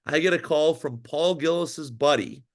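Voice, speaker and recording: A man in casual interview talk, telling a rambling career story with many restarts and "um"s. His voice sits a little high for a man, and he tumbles from one point to the next in an animated way. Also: normal speed. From Minnesota. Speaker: podcast guest, former pro goalie.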